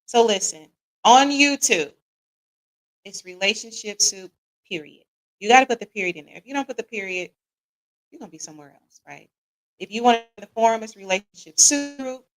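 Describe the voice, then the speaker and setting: On a live-streamed relationship talk show, this American host speaks a little high and expressively at a moderate pace, hailing viewers by name. She keeps tagging sentences with "right?" and slips into Southern-flavored slang such as "y'all." The recording is poor.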